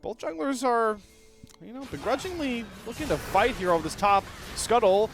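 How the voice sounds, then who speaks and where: A man giving excitable play-by-play commentary on an esports match. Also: very high voice, faint music behind. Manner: excitable, quick shifts in energy. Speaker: esports caster.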